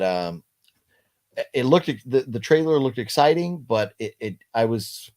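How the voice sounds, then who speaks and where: A middle-aged man hosting a casual livestream chat, talking haltingly with many fillers and restarts while he reads out viewer comments. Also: fairly low pitch, darkish tone. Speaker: livestream host.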